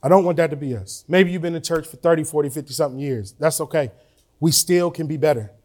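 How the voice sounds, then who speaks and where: A man preaching a sermon to his church, moving between relaxed asides and rising emotional emphasis. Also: on the high side, fast. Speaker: pastor. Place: church sanctuary.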